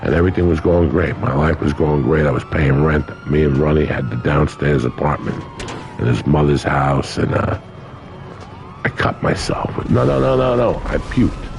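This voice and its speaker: A man's voice: rumbling low, steady tone, normal speed, a little hiss or hum. A man in his sixties, a podcast guest telling a story in casual chat, blunt and profane.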